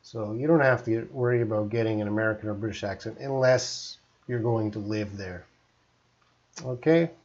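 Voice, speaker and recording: A man's voice: fairly low pitch, normal speed, a little mellow, dull audio. A Canadian man, an English teacher, chatting through a live-streamed lesson and reading out viewer comments.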